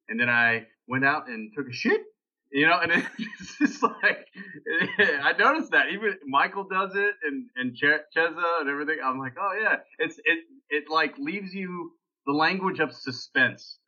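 A man's voice: on the high side, sharp tone. Man chatting over a tinny line. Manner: rambling, jokey, loose. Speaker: podcast host. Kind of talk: casual chat.

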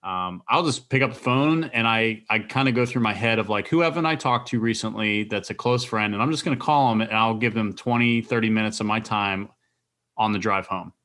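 This is a man in easygoing podcast conversation, carrying his stories with rambling energy. His voice sits somewhat low, yet it comes across bright and forceful. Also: fairly quick. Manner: rambling, energetic, animated storytelling. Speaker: podcast co-host. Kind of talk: casual chat.

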